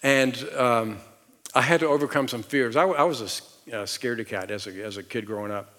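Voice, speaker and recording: A man's voice: mid-range voice, fairly quick. Southern man preaching in a reverberant hall. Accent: Southern American. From Southern United States. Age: middle-aged. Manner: animated storytelling with rhetorical questions and audience call-and-response. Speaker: pastor. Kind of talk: sermon. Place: large church auditorium on stage.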